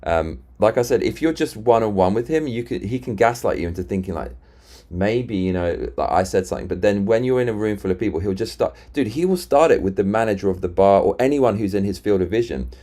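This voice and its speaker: A man with a very low, deep voice chats casually on a live stream. He rambles, restarts sentences and retells arguments with friends. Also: fairly quick, hardly any pauses, dark tone. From Britain. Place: London.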